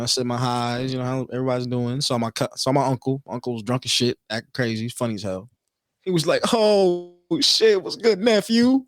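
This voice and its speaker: A man in casual podcast banter who tells stories with lively swings of pitch and voice, jumping high to imitate relatives. The sound is dry and close to the mic. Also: dry recording. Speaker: podcast co-host.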